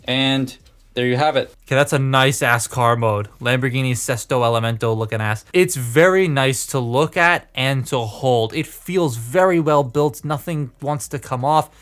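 A man's voice: medium pitch, moderate pace, a bit bright. A man giving a casual toy review, chatty and self-deprecating as he talks through each hands-on step.

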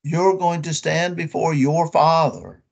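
A man preaching a sermon with emphatic, drawn-out phrases and rhetorical questions to his listeners. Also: fairly high pitch, gravelly, a little mellow, breathy edge.

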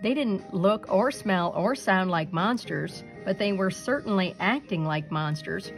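A woman's voice: mid-range voice, lively intonation, measured pace, faint music behind, rough recording. A woman reading a children's picture book aloud expressively. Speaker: storybook reader.

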